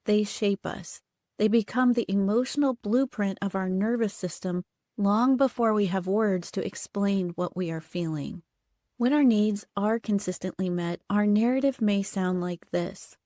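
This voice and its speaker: A middle-aged woman therapist calmly narrating a scripted educational podcast, gently voicing the caregivers she quotes. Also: medium pitch, no room sound, studio quality. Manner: calm, measured, gently acts out caregiver quotes.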